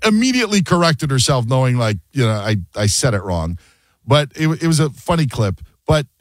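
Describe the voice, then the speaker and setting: A man's voice: medium pitch, no room sound. A man hosting a sports radio show, chatting casually and joking, often acting out quotes. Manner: animated, jokey, acts out quotes.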